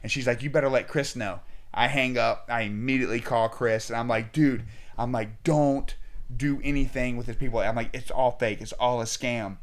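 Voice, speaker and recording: Animated young man telling a story. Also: mid-range voice, a little fast. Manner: animated, acts out both sides of the talk. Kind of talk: casual storytelling.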